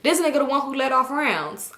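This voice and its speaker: A young woman tells a story in a bright, slightly high voice, loose and profane. She talks casually and animatedly, laughing along as she goes. Her voice carries a roomy echo. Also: very animated, fairly quick. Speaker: storytime vlogger.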